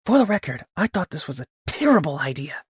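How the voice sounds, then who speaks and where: A man playing a frantic young man who swears and snipes sarcastically, his voice pushed up high and tight. It is recorded dry and close, with no room sound. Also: big pitch swings, a little fast, husky, no room sound, full character voice. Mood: panicked whisper. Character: panicky young man faking an accent.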